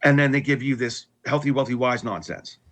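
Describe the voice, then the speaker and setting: Casting: middle-aged man with a husky voice, candid and unpolished, sharing a hard personal story. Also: medium pitch, a little fast, fairly bright tone. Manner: candid, with frequent restarts and wry laughs. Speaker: guest telling his conversion story.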